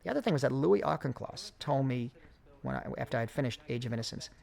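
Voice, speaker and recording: A man, a film director, speaking in a reflective audio commentary, with frequent pauses, fillers and restarts. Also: mid-range voice, lively intonation, vocal fry, darkish tone.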